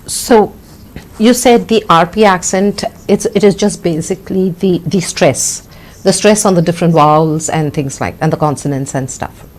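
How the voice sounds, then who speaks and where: A woman hosting an interview, asking questions in an encouraging way with some halting restarts. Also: on the low side. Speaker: interview host.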